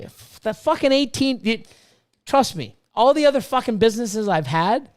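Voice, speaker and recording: A man's voice: high-pitched, expressive, moderate pace, clean tone. A man in his fifties ranting casually on a livestream, swearing freely and reading viewers' chat aloud. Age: 50s. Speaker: livestream host and snake breeder.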